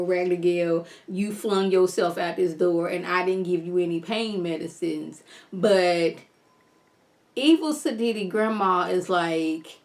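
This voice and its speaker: A woman giving a casual, animated video recap of a TV episode, chatting directly to her viewers. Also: medium pitch. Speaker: TV show reviewer.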